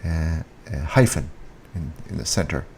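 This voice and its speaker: A man giving a casual French lesson, speaking slowly, repeating each French word and stressing it, recorded on a handheld mic. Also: extremely low pitch, lively intonation, a little mellow, slight background noise. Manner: slow, repeats French words with rising emphasis. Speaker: French teacher. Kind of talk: casual online language lesson. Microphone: handheld mic with earphone monitor.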